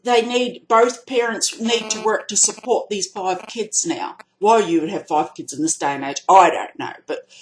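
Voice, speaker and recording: A woman with an Australian accent ranting angrily into her camera, blunt, swearing and rising to loud outbursts. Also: medium pitch, moderate pace, a little hiss or hum, low-quality recording. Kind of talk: angry vlog rant.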